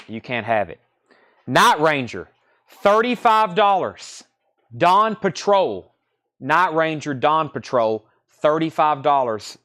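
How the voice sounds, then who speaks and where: A man's voice: medium pitch, a bit bright. Breezy joking record-sale host, a man. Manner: breezy, joking salesman with repeated catchphrases. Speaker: host selling records on a live stream. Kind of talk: live-stream sales patter.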